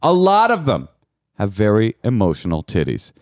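A man's voice: on the low side, wildly swooping pitch, moderate pace, a little mellow, no room sound, studio quality. A middle-aged man co-hosting a podcast, joking and teasing with playful swings in his voice. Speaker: podcast co-host.

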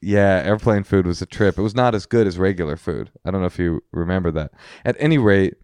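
A man's voice: sits low, brisk, darkish tone, clean tone, dry recording. A man co-hosting a podcast as a comedian, rambling through stories with jokey, ironic asides on a close mic. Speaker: podcast co-host, stand-up comedian. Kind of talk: casual comedic chat.

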